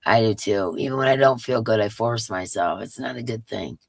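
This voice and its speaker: A hoarse woman hosting a casual live stream, chatting and reading out viewers' names as they arrive. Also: extremely low pitch, moderate pace, dry recording. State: hoarse, voice coming and going. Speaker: livestream host.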